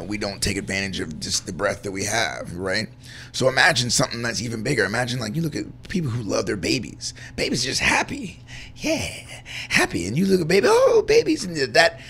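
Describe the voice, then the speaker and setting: A man's voice: lowish voice, bright, forceful tone, a little hiss or hum. A man co-hosting a casual chat, talking earnestly and rambling about faith and feeling good. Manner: earnest, rambling, acts out little voices in stories. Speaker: co-host.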